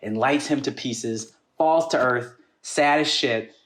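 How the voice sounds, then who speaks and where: A man co-hosting a podcast from home, excitedly retelling an anime episode in casual chat. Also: medium pitch, slow. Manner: excited, animated retelling with acted quotes. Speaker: podcast co-host. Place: home room. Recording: echoey home recording.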